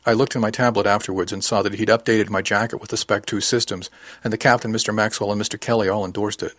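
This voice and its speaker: A man's voice: lowish voice, steady tone, fast talker, fairly bright tone, dry recording, clean studio sound. A man reading a first-person audiobook story aloud and giving the characters their own small voice changes. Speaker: audiobook narrator.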